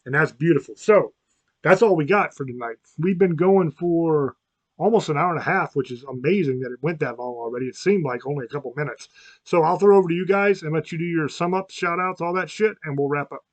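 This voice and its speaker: A man's voice: fairly high pitch, fairly quick, no room sound. Brief: fired-up podcast host, man, crude and blunt, dry close sound. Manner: blunt, swearing, worked up. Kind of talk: profane podcast monologue.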